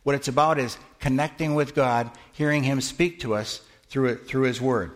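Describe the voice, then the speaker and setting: A middle-aged pastor delivers a conversational sermon in church, speaking at medium pitch with a steady tone and normal speed. He poses questions to the congregation and then answers them himself as he teaches.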